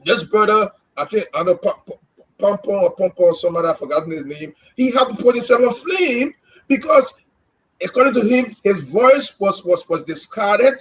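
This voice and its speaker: A man's voice: sits high, animated, moderate pace, rough recording. A man with a Liberian English accent co-hosting a live podcast, speaking with passion and often repeating words as he gets stirred up. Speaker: co-host.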